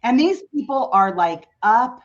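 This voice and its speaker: A mother in her thirties, whose son is a teenager, appears as a podcast guest and tells a story in casual chat. She's animated and leans heavily on "like," her fairly high voice unhurried on a lo-fi recording.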